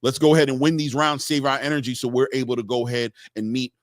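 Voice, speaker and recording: A man hosting a casual boxing live stream, reading out viewer comments and giving shout-outs in a loose, chatty way. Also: medium pitch, flat delivery, fast, no echo, studio quality. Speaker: boxing show host.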